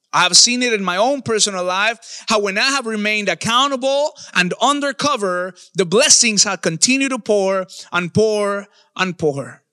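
A man preaching a sermon as pastor, emphatic, stretching key words and bursting into shouts. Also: sits high, no echo, clean studio sound.

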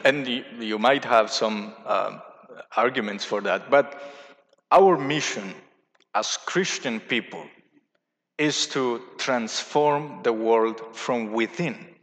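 A man, a Catholic priest, giving a sermon with slow, careful explanations, pausing and restarting as he goes. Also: mid-range voice, big-room sound.

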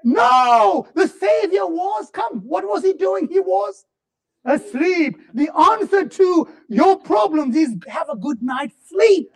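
A male preacher delivers a passionate sermon in a strikingly high voice. His pitch rises and falls dramatically as he moves from fervent shouts to hushed, slowed-down lines. The delivery is animated and emphatic throughout. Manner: impassioned, swings from shouts to low murmurs.

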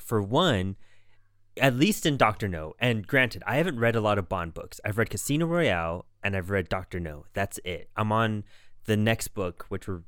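Low-voiced man chatting casually on a podcast. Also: a bit bright, no echo, studio quality. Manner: rambling, filler-heavy. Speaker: podcast co-host. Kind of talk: casual chat.

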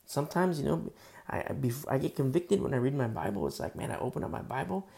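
Gravelly man preaching casually. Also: mid-range voice, big pitch swings, fast, a little mellow. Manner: casual, filler-heavy, earnest. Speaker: pastor. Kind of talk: conversational sermon.

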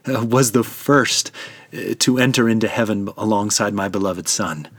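A man's voice: on the low side, fairly even intonation, a bit bright, breathy edge, no echo. A man as solemn, grieving God the Father. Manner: solemn, measured, tender. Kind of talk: dramatic scripture narration.

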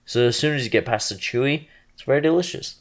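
A man's voice: mid-range voice, fast. A young man from the Western United States, drunk, rambling and laughing as a podcast co-host. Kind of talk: casual chat.

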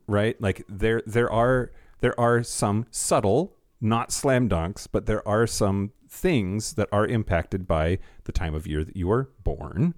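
A man's voice: on the low side, takes it slowly, hardly any pauses, no room sound, clean studio sound. A man co-hosting a podcast in casual chat, rambling and restarting his sentences, with wry jokes. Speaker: podcast co-host.

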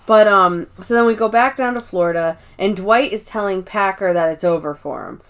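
A woman co-hosting a podcast, recapping episodes in casual, animated chat and acting out lines. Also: medium pitch, clear, resonant tone. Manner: quick, animated storytelling with acted-out quotes. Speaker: podcast co-host.

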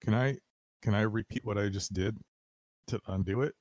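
A man's voice: on the low side, moderate pace, no echo. A man playing in a casual tabletop game, asking lots of questions about the rules. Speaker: player.

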